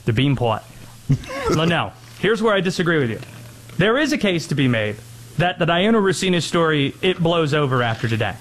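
Higher-voiced man making a measured case. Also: sing-song, fairly bright tone, slight background noise. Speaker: sports talk co-host. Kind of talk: sports debate.

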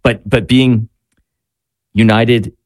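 A man's voice: mid-range voice, fairly even intonation, slow pace, dry recording, clean studio sound. A man, a priest serving as spiritual director on a radio show, speaking reflectively and searching for words. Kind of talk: radio talk show discussion.

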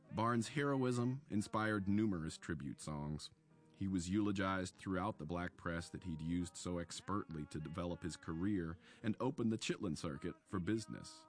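Brief: man, very low voice, measured documentary narrator, soft music bed underneath. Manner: measured storytelling delivery. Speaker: author narrating a radio segment.

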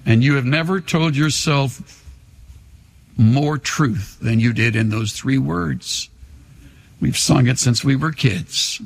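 A man's voice: medium pitch, slow pace, gravelly. An older male pastor preaching a sermon, leading the congregation in call-and-response with emphatic, repetitive phrasing in a large church. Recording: long hall reverb.

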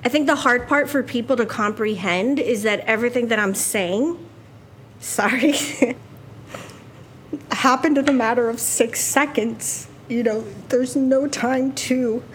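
A woman recalls a terrifying night slowly and emotionally. Her voice is somewhat high and her pace is unhurried. Faint room ambience sits behind her. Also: a little hiss or hum. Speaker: disaster survivor, interviewee. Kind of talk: recorded interview.

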